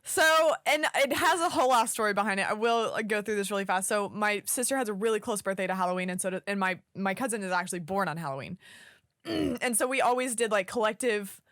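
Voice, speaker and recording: A young woman from Oklahoma co-hosting a podcast, telling a story in casual chat. She is an animated storyteller who swears casually. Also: mid-range voice, brisk, no room sound, clean studio sound. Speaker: podcast co-host.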